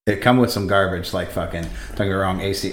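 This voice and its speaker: Low-voiced man in casual chat. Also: a little fast, echoey room. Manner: profane, animated, laughs while retelling scenes.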